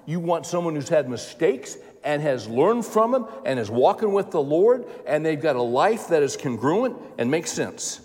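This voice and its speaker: A man's voice: a little high, very animated, moderate pace, hardly any pauses, a little mellow, big-room sound. A man in his seventies preaching a sermon in a folksy, conversational way, repeating phrases for emphasis. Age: 70s.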